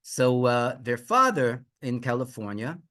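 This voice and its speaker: A man's voice: medium pitch, big pitch swings, measured pace, fairly bright tone. A middle-aged man, a rabbi, telling a religious story with lots of restarts, fillers and rhetorical questions.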